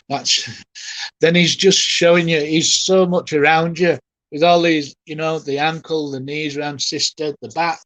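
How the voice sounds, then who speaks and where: Guy doing a medium reading, fairly high voice, soft and halting, gets emotional, dry close sound. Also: fairly even intonation, no echo. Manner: gentle, halting, often emotional; addresses the sitter softly and reassuringly. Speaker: spiritualist medium.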